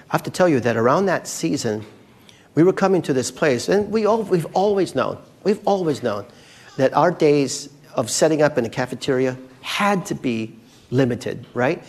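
A male pastor preaching a casual, storytelling sermon, talking to his congregation in a chatty way with many asides. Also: on the high side.

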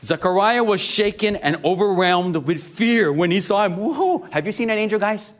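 A man preaching a sermon to a congregation, lively and joking, often asking the crowd questions. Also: high voice, normal speed. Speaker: pastor.

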